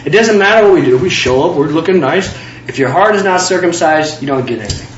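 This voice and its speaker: A man with a high voice preaches a fervent sermon, piling up repeated phrases. He sounds like he is in a reverberant room. The recording is dull and muffled. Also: expressive, fast talker, slight background noise. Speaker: pastor.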